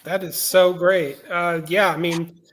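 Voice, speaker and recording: High-voiced male podcast host. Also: slow pace, a little hiss or hum. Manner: relaxed, asks rambling questions. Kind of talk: casual interview. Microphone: remote stream call.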